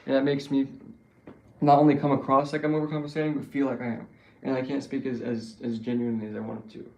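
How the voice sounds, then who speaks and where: A man's voice: mid-range voice, flat delivery, fast, vocal fry, darkish tone. A man giving a rambling, profane political monologue who keeps correcting himself. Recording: echoey room with faint ambience.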